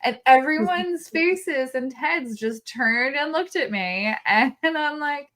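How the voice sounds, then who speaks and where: A woman's voice: high voice, slow pace. A woman co-hosting a casual podcast, telling candid stories with laughter. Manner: candid, animated storytelling, laughs. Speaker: podcast co-host. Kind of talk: casual chat.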